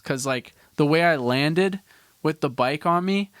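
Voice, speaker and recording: A young man from Canada tells a story on his podcast, circling back and restarting his sentences with casual swearing. His voice is smooth and clean, recorded close and dry with no room echo. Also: fairly high pitch, measured pace, fairly bright tone. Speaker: podcast host.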